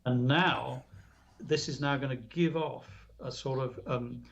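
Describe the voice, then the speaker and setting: A man's voice: mid-range voice, steady tone, a little slow, vocal fry. A man giving an earnest spiritual talk as a radio guest, retelling a story with quoted dialogue. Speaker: guest speaker on spiritual alchemy. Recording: dull lo-fi radio audio.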